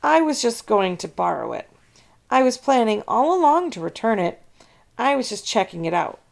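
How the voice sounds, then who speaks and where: A chatty little schoolboy who wanders off, high and quick to stammer out excuses, as a woman plays him. His voice sits well above the reader's own and carries a slight gravelly creak. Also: sing-song, exaggerated voice. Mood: defensive.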